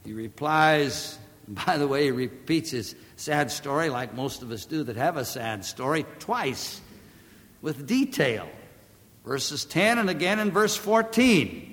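A man preaching a sermon emphatically, swelling to loud declamation and dropping back low. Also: animated, measured pace, long reverb tail.

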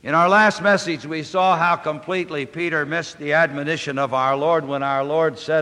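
A male pastor delivers a sermon in a bright, forceful voice, slow and deliberate, pushing up in pitch and volume on the words he wants to stress. His voice rings out through a church sanctuary with a long, trailing reverb. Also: fairly even intonation. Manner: slow, deliberate and emphatic, rising on key words. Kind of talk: expository sermon.

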